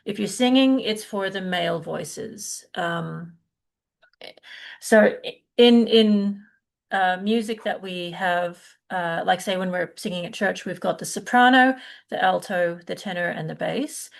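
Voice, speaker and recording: Middle-aged female music teacher, unhurried, gravelly edge, halting delivery with restarts. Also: lowish voice. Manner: halting, many fillers and restarts, patient. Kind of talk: live online lesson, unscripted explanation.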